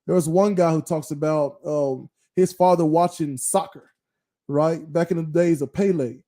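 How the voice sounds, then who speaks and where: A man's voice: on the high side, steady tone, normal speed, mellow. A middle-aged man co-hosting a podcast, talking earnestly and often checking in with "right?". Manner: earnest, repeats points, asks "right?" often. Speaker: podcast co-host. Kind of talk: casual chat.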